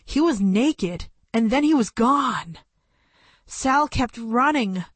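Slow, measured woman narrating a story. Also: on the high side, expressive, slightly rough, dry recording. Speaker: audiobook narrator. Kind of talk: first-person audiobook narration.

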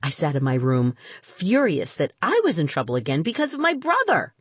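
Husky woman reading a story animatedly. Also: low voice, huge pitch swings, fairly quick, no room sound. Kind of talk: storybook narration.

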